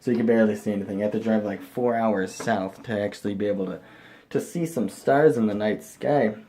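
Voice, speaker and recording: Young male vlogger, excitable and rambling, loud bursts then mumbles. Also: on the low side, a little fast, slight background noise. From Chicago area, USA. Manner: excitable, rambling, jumps between loud enthusiasm and mumbling asides. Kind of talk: rambling casual vlog monologue.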